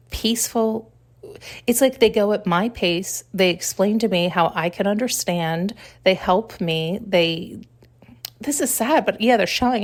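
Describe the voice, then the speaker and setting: A woman hosting a podcast, talking through spiritual ideas in a reflective monologue, musing and searching for words with pauses and self-corrections. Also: mid-range voice. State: tearful at times. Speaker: podcast host.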